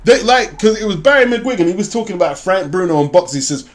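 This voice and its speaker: Animated man talking boxing. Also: sits high, quick pace. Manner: animated, laughing, slangy. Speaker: boxing show co-host. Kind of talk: casual chat.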